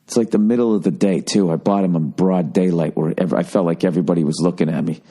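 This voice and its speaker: A man's voice: low-pitched, quick pace, mellow. A man in his forties, a podcast host, telling a loose, profane and self-deprecating comic rant that rambles and restarts mid-sentence. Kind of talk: casual comedic rant.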